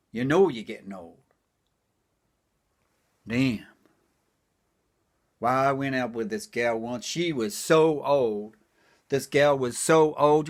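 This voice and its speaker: An older man doing stand-up comedy, delivering one-liners in a folksy old-timer patter and repeating his punchlines. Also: medium pitch.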